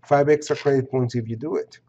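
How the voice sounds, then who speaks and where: A man's voice: mid-range voice, brisk, warm tone, highs cut off. A man teaching an online course, walking students through its pages step by step, repeating points and checking in with "okay?". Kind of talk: screen-recorded course walkthrough.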